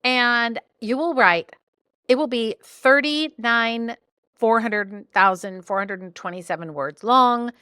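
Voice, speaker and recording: A woman hosting a solo podcast, coaching listeners in an animated, playful way with jokey asides. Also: a little high, takes it slowly, clean tone, no room sound, studio quality. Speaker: podcast host and business coach.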